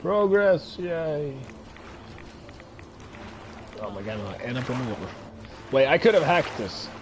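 A man's voice: mid-range voice, a little slow. A man talks through a video game as he plays, his voice jumping up and down and full of sudden exclamations and casual curses. His throat sounds slightly strained, and a faint hiss sits under the recording. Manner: excitable, swears often, thinks aloud. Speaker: gaming let's-player. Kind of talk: casual gameplay commentary.

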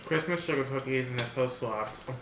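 A man with a bright, forceful voice eats on camera and tells a story in an animated, blunt way, swearing freely. His sound bounces around an echoey room over a faint hiss. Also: mid-range voice, fairly quick. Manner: animated, talks while eating; blunt and profane. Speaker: vlogger. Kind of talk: mukbang story time.

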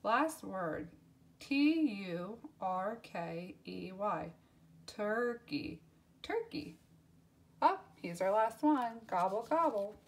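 A woman's voice: mid-range voice, animated, drawn-out words, creaky. A woman teaching young children, spelling out words letter by letter and repeating them in a sing-song voice with cheerful praise. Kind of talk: children's lesson.

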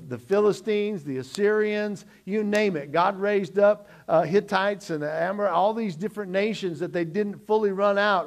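A middle-aged man preaching a sermon as pastor, swinging between loud emphatic lines and quiet low asides, often repeating words as he restarts.

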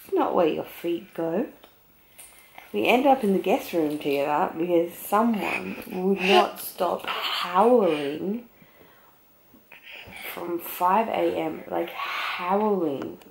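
A woman's voice: on the low side, takes it slowly, gravelly, noisy background. An Australian woman vlogging at home in a guest room, chatting into a handheld camera and using playful sing-song baby talk with her son. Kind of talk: casual home vlog.

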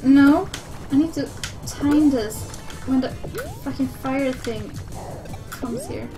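Brief: young woman game streamer, high voice, unhurried, salty and chatty with viewers, faint music behind. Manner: swearing, excitable, talks to chat. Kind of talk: live gameplay commentary.

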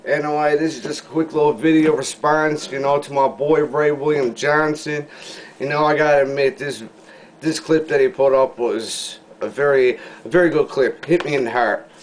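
Man, Newfoundland accent, casual vlog rant, slangy, rambling, low mutters and loud bursts, faint hiss. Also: fairly even intonation, moderate pace. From Newfoundland, Canada. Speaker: vlogger. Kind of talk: casual video response rant.

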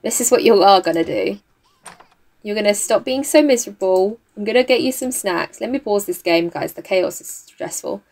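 A woman's voice: medium pitch, lively intonation, normal speed, vocal fry, a little mellow. A woman chatting casually through a gameplay video, laughing a lot and scolding the characters on screen, recorded at a home desk mic. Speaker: gaming YouTuber. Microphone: desk mic with face cam.

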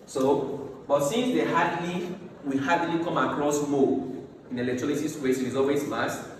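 Male chemistry teacher, rhetorical questions, fairly high voice, distant and roomy. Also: normal speed. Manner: asks the class rhetorical questions, stresses key words. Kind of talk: classroom lecture at a board. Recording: echoey room from far off, faint hiss.

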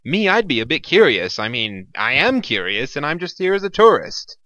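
A man's voice: a little high, big pitch swings, moderate pace, pushed and bright, no room sound, voice pushed up. A man reading the part of an irritable, sardonic famous musician with a snappish, dry delivery.

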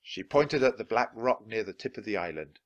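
A man reading a children's chapter book aloud in an expressive, animated way. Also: fairly low pitch, brisk, muffled recording. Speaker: audiobook reader.

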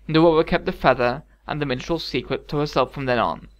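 A man narrating a fairy-tale story calmly with wry asides. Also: on the high side, fast talker. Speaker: audiobook narrator. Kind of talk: scripted narration.

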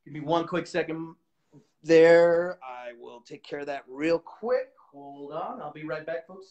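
A man hosting a live shopping stream, chatting casually with viewers in an upbeat way and pitching items for sale. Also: a little slow, a little mellow, dull audio.

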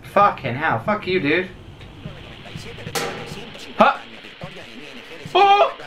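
A man's voice: high-pitched, huge pitch swings, very slow, muffled recording, background noise. A man commentating his own horror game playthrough, jumpy and swearing, yelping when startled. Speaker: gaming video host. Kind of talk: let's play commentary.

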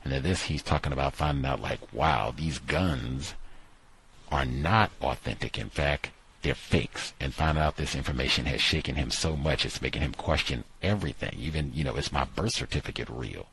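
Very deep, gravelly, husky-voiced man. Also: a bit bright. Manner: thinking aloud, pausing with "uh, let's see". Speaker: book commentator. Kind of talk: casual book discussion with read-aloud passages.

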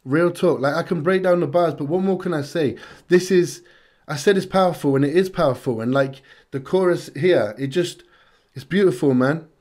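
A man's voice: fairly high pitch, normal speed, a little mellow. A British man from the UK hosting a music reaction, talking in a casual, earnest and reflective way and repeating phrases for emphasis.

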